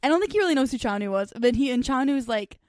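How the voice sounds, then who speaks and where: A woman's voice: high-pitched, expressive, fast, a little mellow, no echo. A woman co-hosting a podcast, gushing and giggling as she tells stories in casual chat. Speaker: podcast co-host.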